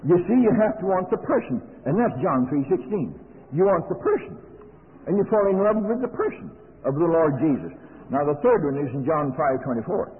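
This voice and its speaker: An older man preaches in a plain, folksy manner, spinning everyday stories into his sermon. His voice sits a little high for a man. It comes through a thin, tinny old recording that rings with the long echo of a large hall. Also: sing-song, normal speed. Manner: plain-spoken, folksy storytelling. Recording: lo-fi narrow-band recording in a reverberant hall.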